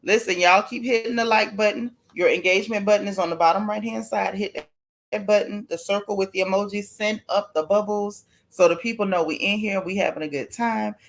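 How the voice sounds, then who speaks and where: A woman's voice: medium pitch, fairly even intonation, brisk, gravelly. A woman hosting a casual gossip livestream, chatting to viewers and apologizing while she keeps sneezing from allergies.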